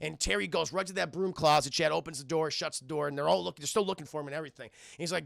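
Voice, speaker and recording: Gravelly, excitable man recapping for chat. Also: on the high side, fast, hardly any pauses, no room sound, clean studio sound. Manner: animated retelling, acting out characters' lines, swearing, addressing chat. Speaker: streamer reviewing a cartoon episode.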